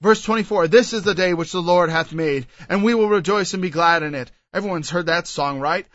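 A man's voice: sits high, a little fast, a bit bright, dry recording, highs cut off. A man preaching a Bible sermon, reading verses aloud and then explaining them with emphatic asides.

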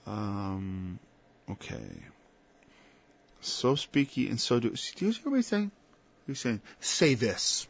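A man preaching an informal sermon, moving from quiet asides to loud, emphatic passages and quoting scripture in old-fashioned wording. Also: mid-range voice, wildly swooping pitch, measured pace, vocal fry, long pauses, breathy edge, no room sound. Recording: dull, lo-fi sound.

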